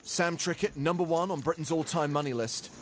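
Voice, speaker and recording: A man giving play-by-play sports commentary, brisk and lightly witty. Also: fairly high pitch, slight background noise.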